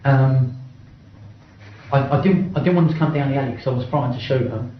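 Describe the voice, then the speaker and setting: A middle-aged man talks quickly and bluntly, swearing freely and tripping into restarts as he tells his story. His voice sits in an ordinary male range. The recording is heavily echoey and a little dull, with faint room sound underneath. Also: mid-range voice, slight background noise. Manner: blunt, swears often, stumbles and restarts while reliving events. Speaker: interviewee. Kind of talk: first-person account in an interview.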